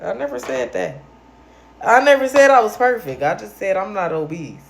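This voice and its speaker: A woman's voice: mid-range voice, animated, normal speed, gravelly, slight background noise. A woman hosting a late-night livestream, ranting at viewers in a brash, profane and confrontational way while a little tipsy. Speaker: livestream host.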